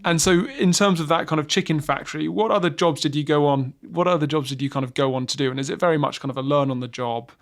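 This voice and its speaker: A man hosts a podcast interview, asking loose questions padded with "kind of." His voice sits fairly high with a gravelly edge. He often circles back and rephrases a question before he finishes it. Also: fast, hardly any pauses. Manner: hedging questions full of "kind of". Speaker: podcast host.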